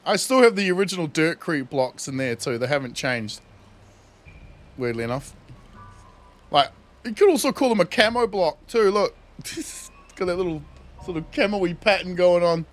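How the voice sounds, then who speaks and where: A man's voice: sits high, lively intonation, moderate pace, pauses often, faint music behind. A young man casually commenting on his game during a livestream, laughing often and swearing freely. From New Zealand. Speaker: streamer.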